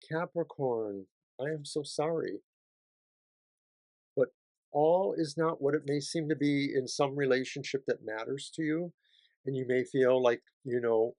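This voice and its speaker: A male tarot reader talks through the week's cards at a slow, unhurried pace. He is chatty, dropping to a hush and then rising into bursts of excitement. The room is dry, with no echo. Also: mid-range voice, vocal fry. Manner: chatty, dramatic swings between hushed and excited. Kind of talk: weekly tarot reading for each sign.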